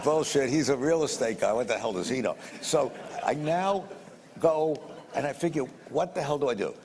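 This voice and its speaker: A man's voice: on the high side, darkish tone, a little hiss or hum. Older New man telling a story. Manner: conversational, repeats phrases, acts out quoted dialogue. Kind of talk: anecdotal storytelling. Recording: long hall reverb, faint ambience.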